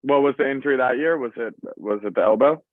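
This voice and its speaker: A man's voice: medium pitch, fast talker, dry recording. Male podcast host, eager and casual, sounds dry and phone-filtered. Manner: enthusiastic, loose questioning. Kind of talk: casual interview questions. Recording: tinny phone-like line.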